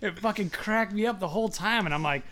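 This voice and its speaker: A man's voice: sits high, quick pace, a bit bright. A man co-hosting a podcast, telling stories in casual chat, cursing often and breaking into laughs. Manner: profane, laughing storyteller who acts out other people. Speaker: podcast co-host.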